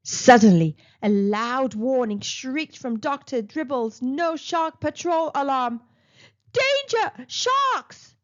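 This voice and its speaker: Playful woman storyteller reading a picture book, high-pitched and slow, dull recording. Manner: expressive, playful. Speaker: children's storyteller. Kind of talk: picture book read-aloud.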